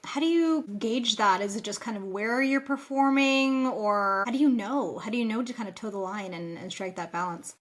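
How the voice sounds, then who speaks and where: A woman interviews a guest, putting measured questions to him. Her voice sits a little high for a woman.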